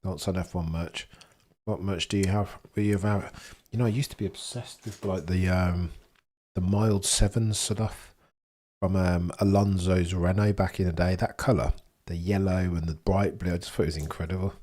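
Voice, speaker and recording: Young streamer, very low husky voice, jokey and chatty. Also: male voice, fairly even intonation, normal speed, dark tone. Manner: chatty, jokey, laughs often, mutters asides. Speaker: livestream host. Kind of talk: casual livestream chat reading comments.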